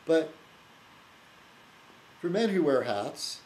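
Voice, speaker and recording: A man talking casually to camera as a video blogger, rambling and teasing, halting often with fillers and restarts and chuckling to himself. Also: on the high side, sing-song, a little mellow, slight background noise, low-quality recording. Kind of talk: rambling casual vlog chat.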